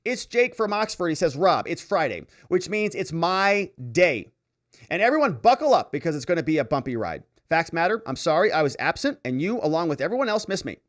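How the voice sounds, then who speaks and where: Lively, chatty male livestream host. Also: fairly high pitch, brisk. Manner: chatty, reads comments aloud with asides and laughs. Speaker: host reading viewer comments. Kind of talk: casual livestream chat.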